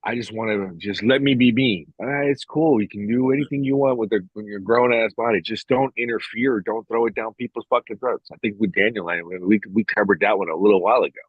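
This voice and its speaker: Profane ranting man, husky voice. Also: lowish voice, fairly quick, few pauses, no echo. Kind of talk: casual podcast chat. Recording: dull, slightly lo-fi recording.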